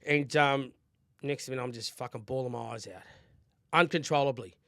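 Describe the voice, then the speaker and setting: An Australian man co-hosting a podcast, telling a personal story in candid casual chat, swearing constantly and rambling from quiet mutters to loud bursts. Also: medium pitch, normal speed, dry recording, studio quality. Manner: drops quiet then bursts louder. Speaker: podcast co-host.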